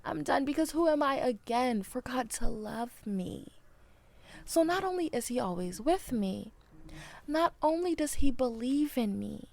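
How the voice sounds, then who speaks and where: A woman's voice: sits high, expressive, unhurried, creaky, a little mellow. A woman in her twenties hosting a solo podcast, talking candidly and emphatically in casual slang. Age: 20s. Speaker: podcast host. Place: indoors, planes heard overhead.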